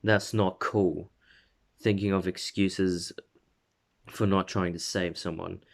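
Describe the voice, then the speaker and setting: A man playing a cool-headed teenage hero in a fan-made story, speaking low and plain. The lines come short and blunt, with a slightly deep voice. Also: fairly even intonation, slow, gravelly, heavily acted. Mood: disappointed. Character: calm, quietly heroic teenage boy.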